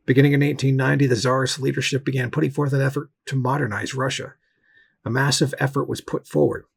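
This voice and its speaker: A man giving a steady, measured read-aloud history commentary as a political commentator, with occasional restarts. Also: medium pitch, vocal fry, slightly rough.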